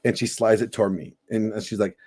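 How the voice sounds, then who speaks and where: A middle-aged man co-hosting a reaction show, telling stories in a loose, animated, profane way. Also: on the low side, brisk, husky. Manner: animated storyteller, swears freely. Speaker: podcast co-host reacting to a video. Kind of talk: casual profane reaction chat.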